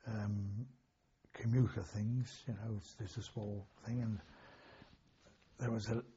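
A man's voice: fairly low pitch, little pitch movement, slow pace, dark tone, husky, lo-fi sound. An older man, recalling wartime memories in a rambling, anecdotal way with chuckles and self-corrections. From England. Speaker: interviewee, war veteran. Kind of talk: oral history recollection.

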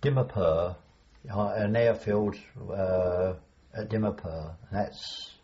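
A man's voice: lowish voice, wildly swooping pitch, slow, warm tone, a little hiss or hum. An older man recalling wartime memories in an oral history interview, rambling and hesitant, chuckling as he remembers. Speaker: veteran interviewee. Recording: dull lo-fi recording.

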